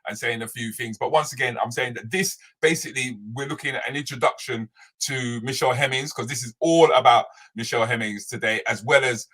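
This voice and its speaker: A man's voice: mid-range voice, a little fast, hardly any pauses, bright, forceful tone. A man co-hosting a podcast, talking bluntly in casual banter with street slang. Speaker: podcast co-host.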